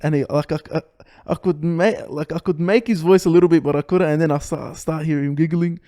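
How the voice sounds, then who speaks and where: A young man co-hosting a podcast, trading quick anecdotes in a casual chat. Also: a little high, fairly even intonation, dark tone. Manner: chatty, quick asides and anecdotes. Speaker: podcast co-host.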